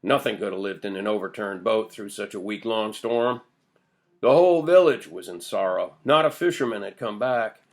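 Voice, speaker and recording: A man's voice: mid-range voice, natural voice. A man reading an old villager's first-person tale of his boyhood, told in earnest storytelling. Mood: wistful. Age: older. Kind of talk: audiobook character voice.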